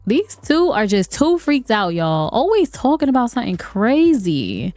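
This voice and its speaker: A woman's voice: a little high, wildly swooping pitch, normal speed, a little mellow, dry recording. A woman giving chatty let's-play commentary on a life-sim game, laughing often and talking to her viewers. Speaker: gaming video creator. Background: faint game music.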